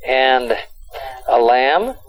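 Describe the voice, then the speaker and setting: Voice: mid-range voice, sing-song, drawn-out words, faint music behind, low-quality recording. A language teacher leading a lesson, explaining words and prompting the learner along.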